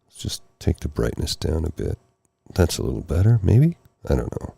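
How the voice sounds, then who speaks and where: A tired, hoarse man hosting a soft-spoken ASMR live stream, rambling gently and apologizing often. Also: rumbling low, big pitch swings, moderate pace, dry recording. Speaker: ASMR host. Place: candlelit room at home. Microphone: close mic for ear-to-ear speaking.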